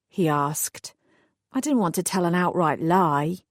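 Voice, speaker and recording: A woman narrating a first-person audiobook in a measured, lightly wry way. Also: lowish voice, no echo, clean studio sound.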